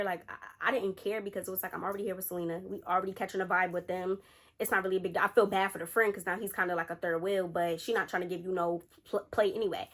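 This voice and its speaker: A young woman telling a casual storytime to her viewers, chatty and slangy, talking straight to the camera. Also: medium pitch.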